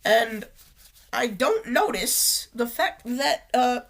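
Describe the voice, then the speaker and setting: A sick-sounding woman with a higher, expressive voice narrates a personal story slowly for her storytime channel. She rambles casually, often backing up to restart or fix what she just said.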